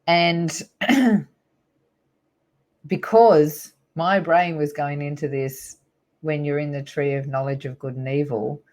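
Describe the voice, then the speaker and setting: A woman's voice: low voice, fairly even intonation, takes it slowly, pauses often, darkish tone. A middle-aged woman, a guest on an interview show, earnestly recounting a personal spiritual story in a rambling way with many fillers.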